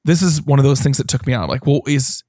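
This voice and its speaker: A man's voice: medium pitch, fast talker, mellow, breathy edge, dry recording, studio quality. A man co-hosting a podcast, casually recapping a movie with wry asides and playful commentary. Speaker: podcast co-host.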